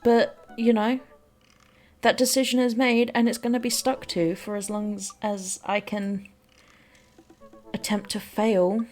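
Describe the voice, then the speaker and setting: A woman's voice: mid-range voice, level tone, unhurried, long pauses, a little mellow, soft background music. A woman giving rambling, self-deprecating casual commentary while playing a game. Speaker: let's play host.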